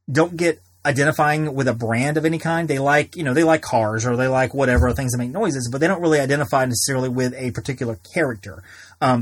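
A man in his thirties hosts a podcast and tells personal stories in a loose, rambling way, often restarting his sentences. His voice is husky and his delivery quick, and the recording is dry with no room sound. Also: medium pitch, no echo. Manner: rambling, many restarts and repeated words. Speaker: podcast host. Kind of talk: casual personal storytelling.

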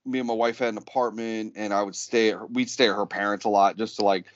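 A man's voice: fairly low pitch, fairly even intonation, fast talker, highs cut off. A man co-hosting a podcast, telling a story in casual, profane chat and laughing as he goes. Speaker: podcast co-host.

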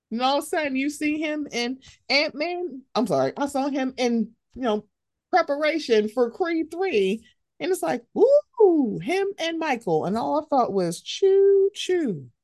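A young woman hosting a podcast in casual chat, animated and jumping into high, excited voices as she tells stories. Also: no room sound, clean studio sound. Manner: animated, swings into high excited voices when quoting herself. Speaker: podcast host.

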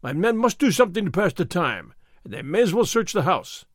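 Brief: narrator doing a swaggering army sergeant, loud and pushy, voice swinging up and down. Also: male voice, high-pitched, very animated, fairly quick, no echo, clean studio sound. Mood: bullying. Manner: loud, blustering, threatening. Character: blustering male soldier sergeant, loud and bullying. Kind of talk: audiobook character reading.

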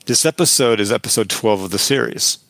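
Man, podcast co-host, gravelly mid voice, analytical, dry close mic. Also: mid-range voice, lively intonation, a little fast, fairly bright tone, dry recording. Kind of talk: casual chat.

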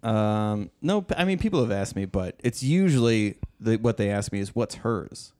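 A man in casual chat, asking lively questions and joking. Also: lowish voice, moderate pace.

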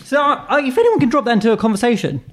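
A man co-hosting a casual podcast chat, playful and quick to laugh. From United Kingdom. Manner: playful, laughs often, lively pitch. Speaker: podcast co-host.

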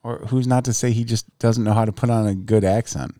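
A man's voice: lowish voice, fairly even intonation, a little fast, warm tone, dry recording. A man co-hosting a podcast, chatting casually in a dry, questioning way. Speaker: podcast co-host. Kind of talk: casual chat.

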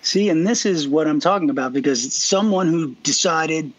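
A man hosting an interview, asking drawn-out, emphatic questions in a casual chat. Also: on the high side, no room sound. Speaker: interview host. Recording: slightly dull, lo-fi sound.

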